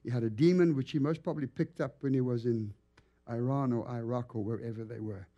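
A man preaching in a church as a guest evangelist, telling stories with lively, acted-out animation. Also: medium pitch, fairly quick, muffled recording. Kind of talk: storytelling sermon. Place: church sanctuary.

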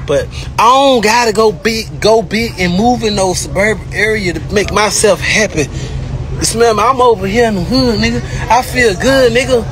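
Squeaky-voiced man, boastful livestream rant, profane and repetitive. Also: background noise. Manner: brash, repetitive, profane, taunting. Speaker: rapper ranting on a livestream.

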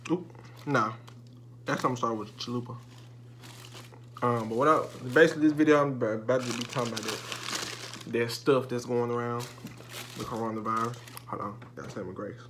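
A man's voice: medium pitch, steady tone, moderate pace, pauses often, noisy background. Hyped young guy on a food vlog. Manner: loose, chatty slang, hyped. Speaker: YouTuber doing a food review. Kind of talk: casual mukbang vlog.

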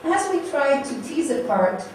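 A middle-aged woman giving a keynote academic lecture, measured and posing rhetorical questions to the audience. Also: sits high, sing-song, darkish tone, slight background noise. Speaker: keynote speaker. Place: lecture hall. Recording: echoey hall, distant mic.

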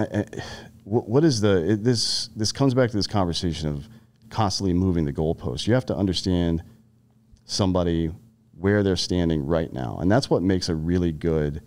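A man's voice: sits low, a little mellow. A man in his thirties from the Carolinas, a podcast guest and army veteran, talking bluntly and profanely in casual conversation, telling stories with frequent restarts.

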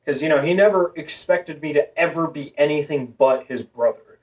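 A man's voice: on the high side, moderate pace, a little mellow, dull audio. Guy rambling through a personal storytime vlog, lots of um and like, mic kinda far off. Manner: rambling, many fillers and restarts. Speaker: vlogger.

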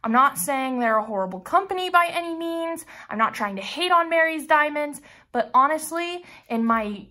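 Bright-voiced frustrated woman vlogger. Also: high voice. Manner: frustrated, sighing, rambling with restarts. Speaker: crafting vlogger. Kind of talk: casual unboxing vlog.

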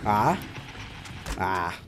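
A man reacting out loud as he plays a horror game, jumpy and foul-mouthed, talking back to the game. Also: fairly low pitch, big pitch swings, drawn-out words, a little hiss or hum. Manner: jumpy, swears a lot, talks back to the game. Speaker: gaming video creator. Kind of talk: live reactions while playing a horror game.

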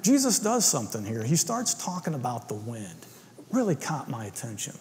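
A man's voice: medium pitch, sing-song, a little fast, darkish tone, in a large hall, slight background noise. A man preaching a casual, conversational sermon in a church, often tagging his points with "right?". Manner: informal, keeps asking "right?". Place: church sanctuary.

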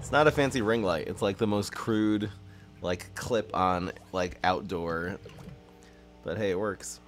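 A young man giving casual, excitable gameplay commentary and teasing banter to his viewers. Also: low voice, a little slow, soft background music. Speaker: streamer. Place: dim room at his parents' home.

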